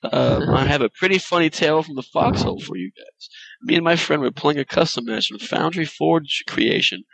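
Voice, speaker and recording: A man hosting a casual gaming podcast, joking and teasing his co-hosts in quick back-and-forth. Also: a little high, creaky, fairly bright tone, no room sound, rough recording. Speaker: podcast host.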